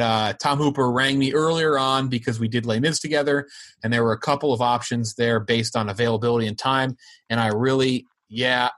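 A man's voice: mid-range voice, fairly bright tone. A man hosting a podcast, reading out entertainment news and an ad read, then chatting and laughing about it. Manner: reads news items, laughs often. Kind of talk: casual chat.

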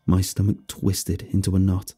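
A man narrating a first-person horror story in a steady storytelling manner. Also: sits low, moderate pace, breathy edge, faint music behind.

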